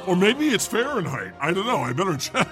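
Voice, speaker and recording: A man's voice: sits high, big pitch swings, brisk, over loud music. A man playing God as a goofy, self-mocking podcast host in improvised comedy banter. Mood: joking. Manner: joking, self-deprecating banter.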